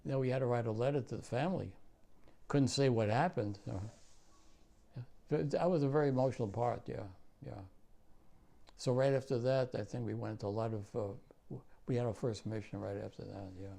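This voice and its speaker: A man in his nineties, a war veteran, telling his story in an oral history interview, profane and halting with many restarts. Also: medium pitch, creaky, warm tone. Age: 90s.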